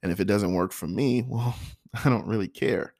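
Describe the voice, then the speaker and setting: A man with a low, gravelly voice talks through his own thoughts in an earnest, self-reflective monologue. He circles back and repeats himself for emphasis, and a frog in his throat keeps catching his words. The sound is close and dry, with no room around it. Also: normal speed, darkish tone, dry recording. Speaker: vlogger.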